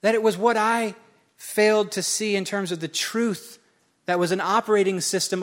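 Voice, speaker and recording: A male pastor delivers a sermon in a storytelling way, poking fun at himself and hammering home key words through repetition. His voice sits a little on the higher side for a man. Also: a bit bright. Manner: storytelling, self-mocking humor, emphatic repetition.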